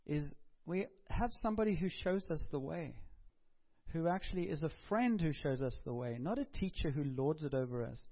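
Male pastor, conversational sermon, asks the room questions; slightly raised pitch, muffled lo-fi sound. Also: animated, normal speed.

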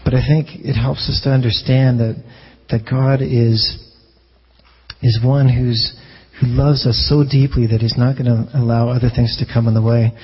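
Husky-voiced male pastor preaching. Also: mid-range voice, little pitch movement, moderate pace, muffled recording. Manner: conversational, with frequent restarts and rhetorical questions. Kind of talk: sermon.

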